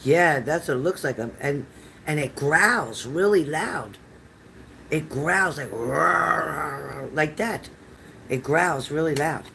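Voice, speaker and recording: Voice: mid-range voice, animated, takes it slowly, fairly bright tone, rough recording. Older tarot reader, chatty, rambling, reassuring, live-streamed reading, faint background noise.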